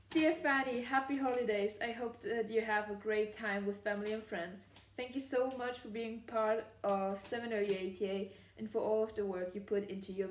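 A giggly young woman vlogger, fairly high in pitch, gushes through a casual unboxing with plenty of fillers. The distant mic picks up an echoey room and a little hiss or hum.

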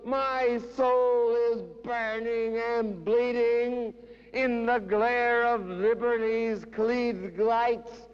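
A man's voice: extremely high pitch, little pitch movement, very slow, clear, resonant tone. A man giving an emphatic, declaimed poetry reading with sudden raised cries, at a public event in a large concert hall. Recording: lo-fi 1960s hall recording with long reverb.

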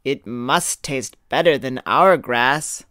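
A man's voice: medium pitch, takes it slowly, pushed and bright, no room sound, studio quality. A man voicing the second billy goat in a storybook reading, eager and then pleading.

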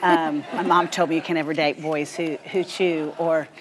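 A woman's voice: low voice, a crowd in the background. A woman in her fifties with a Southern US accent, telling stories as a guest on a Christian talk show. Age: 50s. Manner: animated storyteller, quick and expressive. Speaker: guest author.

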